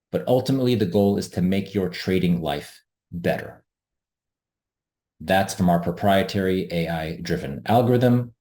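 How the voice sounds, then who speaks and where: A man with a fairly low, mellow voice presents an online trading webinar. He talks earnestly, leans on his key points and repeats them for emphasis, as if speaking into a close desk mic. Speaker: webinar host, options trader.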